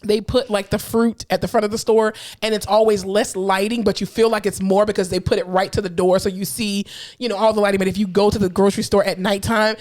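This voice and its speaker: A woman's voice: mid-range voice, quick pace. A woman co-hosting a podcast in casual chat, telling stories with lots of swearing and acted-out quotes. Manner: animated storyteller, swears freely, acts out quotes. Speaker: podcast co-host.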